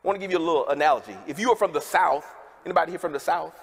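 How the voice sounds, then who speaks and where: A man with a notably high voice preaches to a gathered congregation, folksy and direct, calling out to the people in the pews. His words ring out with a long reverb from the big worship hall. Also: racing, slight background noise. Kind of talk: sermon.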